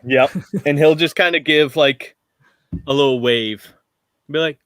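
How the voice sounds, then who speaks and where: A man playing a tabletop game. His voice is bright and forward, recorded dry and close. He chats along and pokes fun at himself. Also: on the high side, unhurried, clear, resonant tone, no echo. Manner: self-mocking, chatty. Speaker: player.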